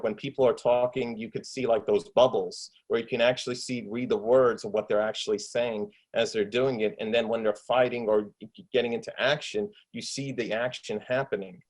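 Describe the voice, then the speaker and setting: A man's voice: mid-range voice, poor audio. Enthusiastic man rambling about his work. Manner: enthusiastic, rambling, lots of fillers. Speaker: actor and filmmaker. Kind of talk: casual video interview. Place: at home. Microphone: desktop USB microphone with pop shield.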